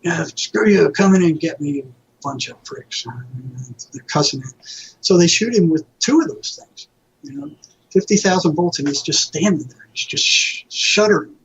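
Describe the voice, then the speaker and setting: A man's voice: fairly high pitch, big pitch swings, normal speed, a bit bright, a little hiss or hum. A retired psychotherapist telling vivid anecdotes in a casual interview, acting out quoted voices as he goes. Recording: dull lo-fi audio.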